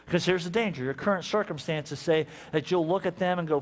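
A man's voice: fairly high pitch, a little fast, few pauses, long reverb tail. A male pastor preaching a sermon, telling stories and acting out both sides of conversations. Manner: animated storytelling, acts out conversations. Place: church sanctuary.

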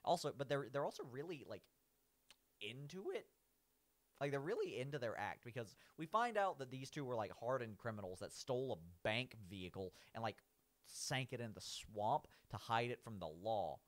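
A man's voice: mid-range voice, big pitch swings, normal speed. A man giving casual, rambling commentary as he rates cartoon villains. He keeps saying "like", restarts his sentences and laughs at his own points.

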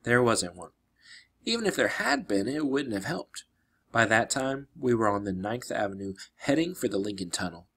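A man reading a children's adventure novel aloud, narrating expressively with dramatic slowdowns. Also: fairly low pitch, very animated, fairly bright tone, breathy edge. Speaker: reader. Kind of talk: storybook read-aloud.

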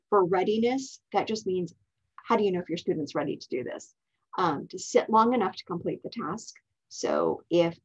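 A middle-aged woman explains her writing curriculum to fellow teachers in an easy, chatty way. Her voice sits a little low and sounds husky, and she restarts her sentences often. The recording is dull and lo-fi.

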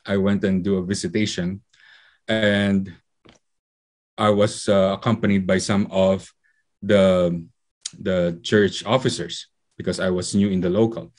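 A man's voice: low voice, level tone, a little slow, long pauses. A man from the Philippines, preaching a sermon in a conversational, storytelling way with frequent fillers.

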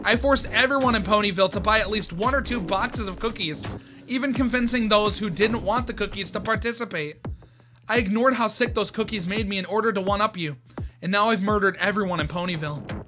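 A man's voice: high-pitched, brisk, music in the background, lightly acted. A man voicing a female party pony who confesses with guilt, reading it earnestly. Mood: guilty.

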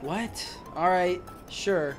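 A man giving excitable gameplay commentary, yelling at what happens in the game. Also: high voice, extremely slow, soft background music. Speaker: game streamer.

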